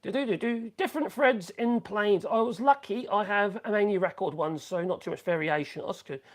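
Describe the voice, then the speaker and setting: Talking at a moderate pace in a voice that sits high, a man chats loosely while working on a woodworking live stream. He wanders from topic to topic, catches and fixes his own mistakes, and hums little tunes in the pauses.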